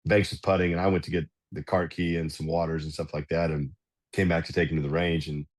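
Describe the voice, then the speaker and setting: Man, middle-aged, very low voice, casual anecdotal storytelling, podcast guest. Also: quick pace. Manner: animated anecdotal telling with fillers. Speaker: guest, golf club director.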